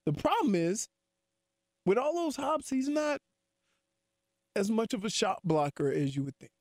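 Brief: male co-host, high lively voice, animated teasing banter. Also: measured pace, dry recording, studio quality. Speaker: sports podcast co-host. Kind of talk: casual sports chat.

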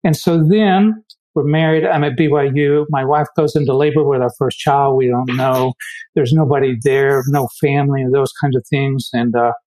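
A man's voice: mid-range voice, fairly even intonation, normal speed, a little mellow, poor audio. A man from the United States telling personal stories in an earnest, reflective way, often restarting his sentences. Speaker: guest speaker. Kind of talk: personal storytelling.

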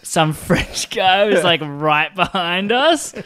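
A man co-hosting a casual podcast, telling a story in an animated way and laughing often. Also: high-pitched, slow, clean tone. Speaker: podcast co-host.

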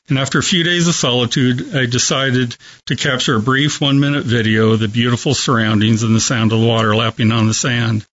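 A hospice chaplain, a man, telling earnest, measured stories as a guest on a talk show. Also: medium pitch. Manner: gentle, earnest, measured storytelling. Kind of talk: storytelling in a talk show interview. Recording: dull lo-fi broadcast audio.

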